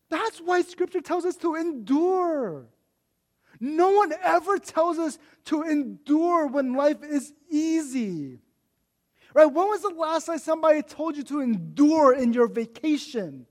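A man as pastor, giving a conversational sermon with lots of restarts, turning animated when he mimics his own complaints. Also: very high-pitched.

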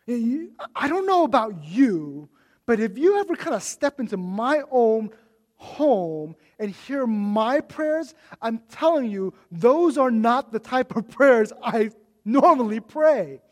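A man as pastor, giving a conversational sermon with lots of restarts, turning animated when he mimics his own complaints. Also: very high voice, slow.

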